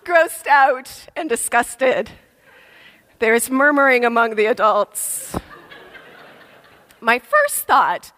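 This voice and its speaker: A woman's voice: a little high, slow pace, long pauses. Woman preaching in a reverberant hall. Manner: lively storytelling, acts out voices. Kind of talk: sermon with storytelling. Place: church. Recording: long reverb of a large hall.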